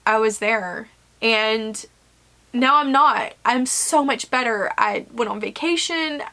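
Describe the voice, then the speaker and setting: Brief: young woman, self-published author vlogging, earnest and emotional, a bit high-pitched. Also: slow, pushed and bright. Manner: earnest, emotional, rambling with repeated phrases. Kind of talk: emotional casual vlog to viewers.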